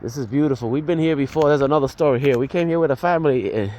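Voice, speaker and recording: Speaking very fast in a mellow, medium-pitched voice, an older man shares his personal testimony in a loose, casual way. Fillers and restarts pepper his telling, and he acts out each bit of dialogue.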